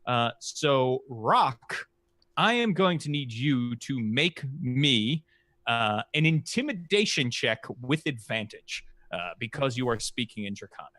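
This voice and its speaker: Brief: male game master, slow and halting delivery, bright tone, dry close sound. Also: mid-range voice, expressive, no echo. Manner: halting, many "uh" fillers. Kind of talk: recapping and narrating a tabletop game.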